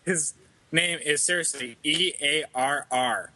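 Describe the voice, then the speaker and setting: In a dry recording, a young man's fairly high, sharp voice moves at a slow pace as he co-hosts a laid-back podcast. He reads bizarre news stories aloud, breaking into giggles and fumbling his words.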